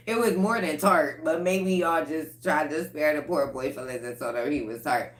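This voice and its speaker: A woman's voice: low voice, normal speed, roomy sound. A woman giving a casual tarot collective reading, blunt and profane, breaking into laughter often. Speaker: tarot reader.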